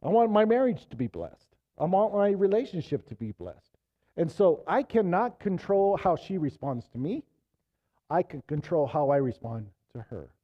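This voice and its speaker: A man in his fifties, a pastor preaching a sermon in a casual, conversational way, swinging from loud emphasis to low, quiet appeals. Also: very animated, moderate pace, muffled recording.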